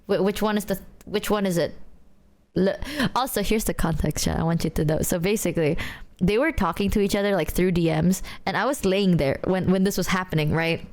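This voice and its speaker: A young woman streamer telling stories casually to her chat, animated, stammering and swearing freely. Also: fairly low pitch, fairly quick. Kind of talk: casual reaction-stream storytelling.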